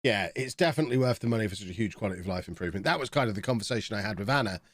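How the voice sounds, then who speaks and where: A man's voice: fairly low pitch, expressive, very fast, no room sound, clean studio sound. Chatty man streaming a game. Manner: chatty, reacting to the game as it plays. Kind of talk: casual live-stream chat.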